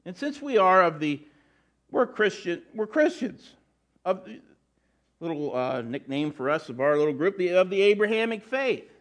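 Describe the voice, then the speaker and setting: A man's voice: high voice, very animated, moderate pace. A middle-aged man preaching a sermon in a conversational way, often restarting and adding asides. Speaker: pastor.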